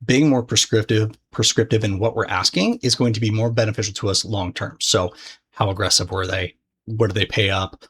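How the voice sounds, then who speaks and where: A man with a lowish voice teaching a recorded course lesson. He speaks straight to the viewer in a loose, chatty style, swearing freely and circling back on his sentences as he explains. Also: fairly quick, a bit bright, breathy edge. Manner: casual, profane, conversational with frequent restarts. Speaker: trading course instructor.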